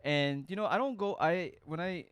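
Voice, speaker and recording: A man's voice: fairly high pitch, normal speed, clean tone, no echo. A young man hosting a casual chat, telling a story and acting out what others said. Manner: storytelling, animated quoting of others. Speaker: host.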